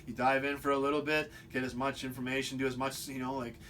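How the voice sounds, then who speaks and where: A man's voice: mid-range voice, flat delivery, fast talker, fairly bright tone, slight background noise. A man talking in a rambling, unscripted monologue to camera, often restarting and repeating words. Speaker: video host. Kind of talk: casual monologue.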